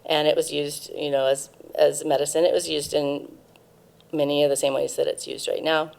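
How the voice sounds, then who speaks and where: Low, gravelly-voiced woman. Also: level tone, normal speed, darkish tone. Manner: informative, frequent ums and restarts. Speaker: cannabis museum guest. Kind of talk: casual interview, explaining history.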